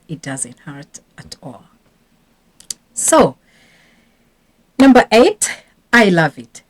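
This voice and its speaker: A woman in her thirties working as a parenting coach, giving earnest casual advice with repeated emphasis. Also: medium pitch. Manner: earnest, repetitive emphasis, occasional restarts.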